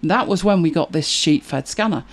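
Lively, exasperated woman, lower voice. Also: moderate pace. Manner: animated and exasperated, laughing at herself. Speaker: YouTube creator. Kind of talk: casual chat to camera.

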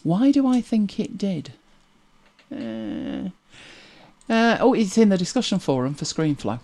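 A woman from Britain chatting casually on a live stream, her pitch swinging up and down as she reads out comments. She rambles, hums to herself while scrolling and chuckles easily. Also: big pitch swings, a little slow, mellow.

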